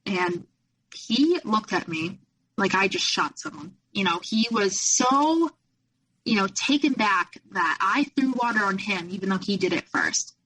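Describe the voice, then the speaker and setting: A woman's voice: medium pitch, lively intonation, unhurried, a bit bright, far from the mic, poor audio. A young adult woman, a podcast guest, telling a personal story in a rambling way full of fillers and restarts. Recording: voice a little off-mic.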